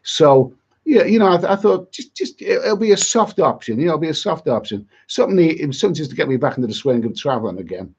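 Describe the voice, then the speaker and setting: A man's voice: a little high, expressive, fast, a little mellow, slightly rough, dull audio. A middle-aged man on a livestream, chatty and exasperated, rambling with many repeats and asides. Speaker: travel vlogger on a livestream.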